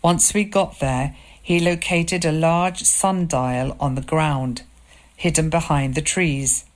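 Woman reading a story out loud, low voice, calm and steady. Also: slow pace. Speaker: narrator. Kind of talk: first-person story narration.

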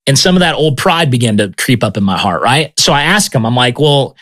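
A man telling his personal testimony as a missionary, talking in an animated, conversational way. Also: mid-range voice, brisk, no echo. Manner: animated, conversational, often says "man" and "right?". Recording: music bed under speech.

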